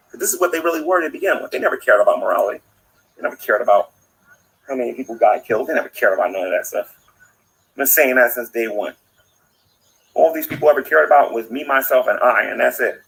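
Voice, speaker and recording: A man's voice: mid-range voice, gravelly, fairly bright tone, low-quality recording. A man outdoors ranting into his phone in a livestream, preachy and indignant, repeating himself for emphasis. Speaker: online commentator.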